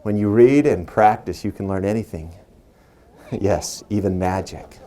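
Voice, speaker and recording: A man's voice: lowish voice, unhurried, very noisy. A man in his forties performing as a magician. He uses a stage microphone and mixes playful stories with teasing banter with his audience. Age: 40s. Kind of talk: live stage patter with storytelling.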